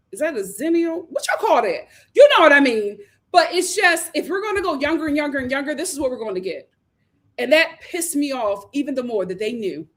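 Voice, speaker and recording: A woman hosting a live recap show, animated and opinionated as she gives her commentary. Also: high-pitched. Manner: animated, opinionated, acts out quotes. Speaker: host.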